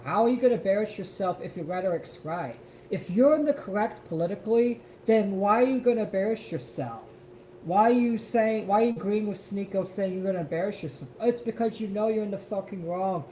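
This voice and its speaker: A man tears into a clip on a podcast in a loud, profane rant, his voice bouncing around a roomy, echoey space. Faint background ambience hangs under his angry, fast-building complaints. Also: high voice, slight background noise. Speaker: podcast host. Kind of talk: heated reaction commentary.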